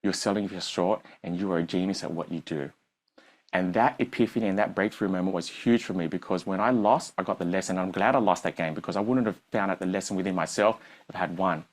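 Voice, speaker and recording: A man's voice: low voice, fast talker. A man, a business coach telling a story on stage to a live audience and acting out the dialogue.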